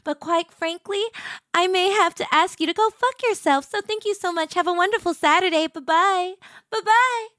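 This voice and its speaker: A woman's voice: very high voice, normal speed, a bit bright, no echo, clean studio sound, voice pushed up. A woman playing an overly polite woman answering a sales call in her telephone voice. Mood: sweetly polite.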